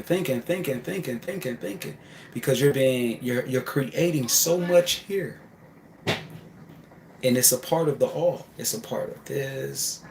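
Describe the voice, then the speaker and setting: A man's voice: medium pitch, a little hiss or hum. Emphatic man preaching in an echoey room. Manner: repetitive and emphatic, shifts between loud outbursts and hushed asides. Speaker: spiritual speaker. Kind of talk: preaching monologue. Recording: echoey room with faint ambience.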